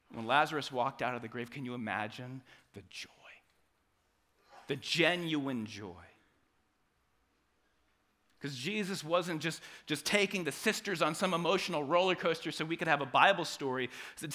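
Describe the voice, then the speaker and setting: Male pastor preaching a sermon; bright, slightly high voice, shifts between hushed and loud. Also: lively intonation, normal speed. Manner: dynamic preaching, drops to soft quiet passages and rises to loud acted quotes.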